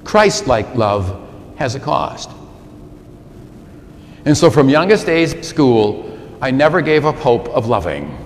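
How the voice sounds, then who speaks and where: A priest in his sixties preaches a sermon in a large, reverberant church with faint ambience and slight background noise. His mid-range voice moves slowly with frequent pauses, yet he's animated and emphatic, repeating words for effect.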